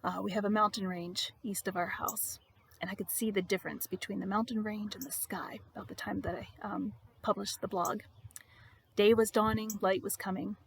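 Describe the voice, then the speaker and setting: A woman reading her devotional blog aloud in a reflective, expressive way, with emphatic repetition. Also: mid-range voice, moderate pace, slightly rough.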